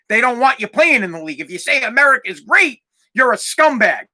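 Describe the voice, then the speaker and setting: A man's voice: extremely high pitch, sharp tone. A young adult man hosting a podcast, ranting in a heated, profane way and repeating words when worked up. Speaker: podcast host. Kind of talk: casual ranting monologue.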